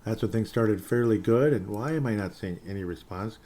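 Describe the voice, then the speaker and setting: A man hosting a solo sports podcast, reading fan messages and ranting in an animated, sarcastic way. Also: fairly low pitch, fairly quick. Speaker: podcast host.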